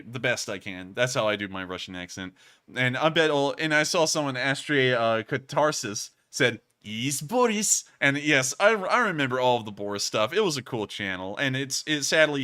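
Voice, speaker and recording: Male streamer host with a bright, clear voice, chatty and meandering as he answers super chats. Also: mid-range voice. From United States. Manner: rambling, earnest, frequent fillers and restarts. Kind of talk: casual livestream chat.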